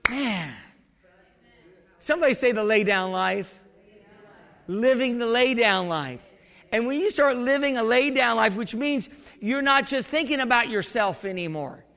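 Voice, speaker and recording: In a church sanctuary, a man preaches in a rambling, conversational way, often starting over and putting questions to the congregation. His voice is high with a gravelly edge, animated yet a little slow, and sounds pushed and bright. Long reverb from the hall trails after his words.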